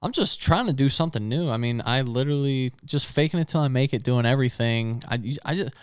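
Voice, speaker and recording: Blunt, restless man, smooth voice. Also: medium pitch, brisk, no room sound, clean studio sound. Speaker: podcast guest. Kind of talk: casual podcast chat.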